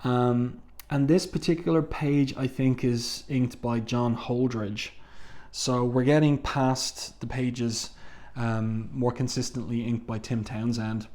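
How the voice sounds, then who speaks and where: A man's voice: fairly even intonation, slow pace. A man casually reviewing a comic book, reading its dialogue aloud with many fillers and restarts. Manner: reads dialogue aloud in a low, hushed tone, with fillers.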